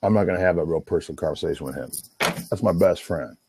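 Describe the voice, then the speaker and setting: A man's voice: low voice, quick pace, noisy background. A middle-aged man rambling and swearing in a casual livestream monologue, talking over himself. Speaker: livestream host on a phone call.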